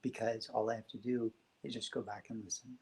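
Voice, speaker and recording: A man speaking as a guest in a reflective spiritual conversation, soft, gentle and unhurried. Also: fairly low pitch, flat delivery, creaky, poor audio. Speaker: podcast guest.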